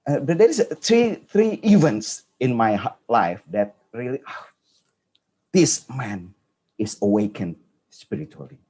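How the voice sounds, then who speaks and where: A man with an Indonesian accent telling an earnest personal story at a conference, halting and restarting often. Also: medium pitch, expressive, warm tone, slightly rough. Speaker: conference speaker.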